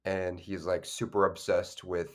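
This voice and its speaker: A man with a very low, deep voice talks casually through a film's plot on a podcast. He rambles and backtracks, stacking fillers and self-corrections as he goes. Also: flat delivery, measured pace. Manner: loose, rambling, many fillers and restarts. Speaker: podcast co-host. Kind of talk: casual film discussion.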